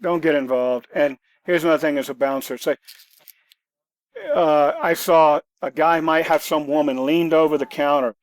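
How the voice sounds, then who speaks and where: A man's voice: a little high, steady tone, moderate pace, dry recording. Blunt, matter-of-fact man. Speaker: guest, self-defense author. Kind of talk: conversational podcast storytelling.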